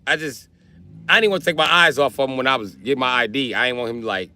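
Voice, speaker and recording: A man's voice: mid-range voice, fast talker, pushed and bright. A young man from Wisconsin, a livestreamer telling a rambling, profane comic story with lots of energy.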